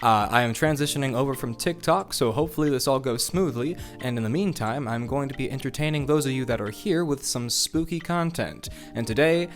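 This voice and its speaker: A man's voice: mid-range voice, brisk, few pauses. Guy doing a goofy casual explainer vlog, jokey asides, faint music under him. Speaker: YouTube host. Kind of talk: casual explainer with a felt board.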